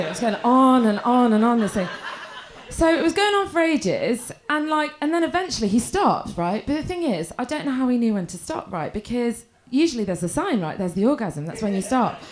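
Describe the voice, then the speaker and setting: A woman's voice: fairly high pitch, slight background noise. A young woman performing a stand-up set on a comedy club stage, telling crude, self-mocking stories with lots of "right?" tags.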